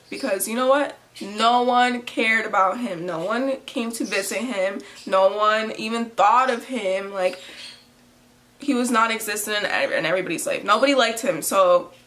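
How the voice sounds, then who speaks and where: Woman, 20s, confessional vlog delivery: halting, emotional, close to tears, lots of fillers. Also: mid-range voice, pushed and bright. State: tearful. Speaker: vlogger.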